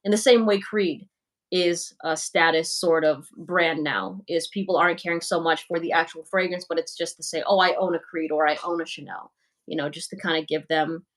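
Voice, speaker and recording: Young woman, slightly low pitch, casual livestream chat, frank, filler-heavy talk. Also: moderate pace. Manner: chatty and frank, with lots of "like" and "you know". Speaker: livestream host. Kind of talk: casual livestream chat answering viewer comments.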